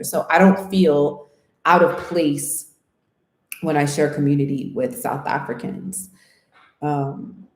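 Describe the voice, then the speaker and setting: An earnest woman from the United States thinks aloud in a casual interview, her lowish, mellow voice ringing in a roomy space. She keeps tossing in "right?" as she works through her thoughts. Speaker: interviewee, channel host. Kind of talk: casual reflective interview talk. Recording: roomy echo.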